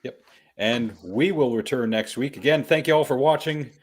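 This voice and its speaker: A man at an ordinary middle pitch hosts a laid-back podcast. He banters easily and chuckles often as he talks. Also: moderate pace. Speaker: podcast host. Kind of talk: casual chat.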